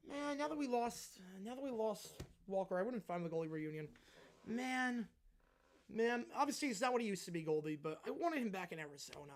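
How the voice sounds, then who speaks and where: A stream host calls football games live, giving brisk play-by-play and answering viewer chat between plays. He rises into excited calls on big plays, then drops low and casual for the relaxed asides to chat.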